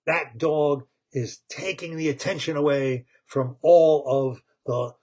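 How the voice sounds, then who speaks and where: A man's voice: on the high side, slow, darkish tone. A man voicing a tiny, bossy baby who insists on being in charge, in a retold cartoon story. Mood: smug. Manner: commanding, self-important.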